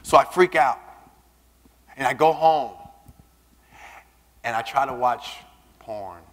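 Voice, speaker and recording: A man giving a keynote speech, telling personal stories in an animated way and acting out the voices of the people he quotes. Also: medium pitch, slow. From Southern United States. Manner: animated, acts out quoted voices, repeats words when starting a line. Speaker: keynote speaker. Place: large conference hall. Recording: reverberant hall.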